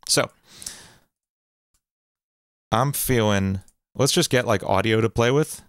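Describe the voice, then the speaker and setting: A man hosting a casual music production livestream from a home studio, thinking aloud in a relaxed, rambling way. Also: lowish voice, slow pace, no room sound.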